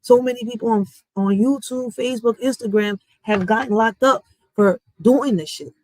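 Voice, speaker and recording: A woman's voice: fairly high pitch, moderate pace, darkish tone, dry recording, poor audio. Blunt ranting woman. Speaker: vlogger. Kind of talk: heated social media commentary.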